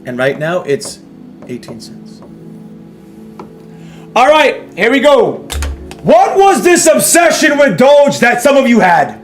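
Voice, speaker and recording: A very high male voice with big pitch swings delivers a ranting live-stream lecture at a measured pace, faint music behind him. Hosting a trading stream, he reads chat, responds to viewers, and scolds them through emphatic repetition and rhetorical questions.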